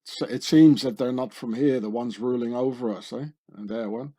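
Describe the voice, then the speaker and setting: Warm in tone and medium in pitch, a man speaks at a moderate pace with few pauses as he hosts his own channel. He talks over images on screen in a sardonic, conspiratorial style, regularly tagging remarks with questions.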